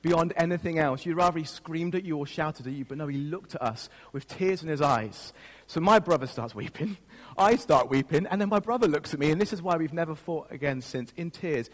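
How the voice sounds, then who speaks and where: A man's voice: fairly high pitch, brisk. A man pastor giving a sermon, telling a personal story in a self-mocking way and laughing at himself. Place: church. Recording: long reverb of a church hall.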